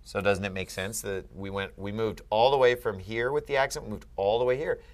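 A man with a lowish voice tutors a student through Greek grammar one-on-one. He asks guiding questions and stresses the key points with patient emphasis. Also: a little fast.

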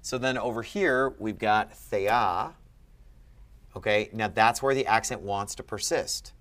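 Low-voiced man tutoring Greek grammar. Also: fairly even intonation, normal speed, a bit bright. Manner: patient, questioning, emphatic on key points. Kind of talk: one-on-one Greek grammar lesson.

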